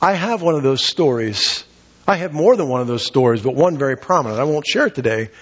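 A pastor with a slightly rough, medium-pitched voice preaches a little fast and with animation, recounting scripture and firing rhetorical questions at his congregation. The recording is dull and muffled, made in a reverberant hall.

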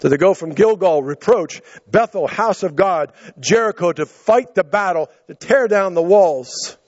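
A high-pitched man preaching to his church, winded and out of breath as he goes. He voices the quotes in his story and stammers through restarts on the way to each point. The sound is dull and muffled, as if close and dry with the highs rolled off. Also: animated, a little slow, no echo. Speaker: pastor. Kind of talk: sermon.

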